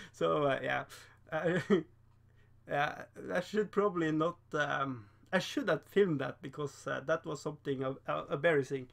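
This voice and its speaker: A man's voice: fairly high pitch, a little slow, gravelly, fairly bright tone. A man casually chatting on a painting livestream, rambling, laughing often and reading the chat aloud. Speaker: streamer painting miniatures.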